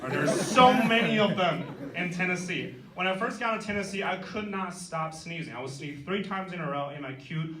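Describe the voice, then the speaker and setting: A young man from China performing a crude, irreverent stand-up set with deadpan punchlines in front of a live university crowd. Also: high-pitched, normal speed, few pauses. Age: young adult. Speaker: stand-up comedian. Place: university comedy event before a live audience. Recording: echoey room, distant mic, loud audience laughter.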